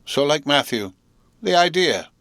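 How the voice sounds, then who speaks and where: A man's voice: fairly high pitch, big pitch swings, measured pace, bright, forceful tone, no echo, voice pushed up, heavily acted. A man voicing a fussy, affected older woman relative who complains in a prim, indignant tone, in a dry-sounding storybook reading.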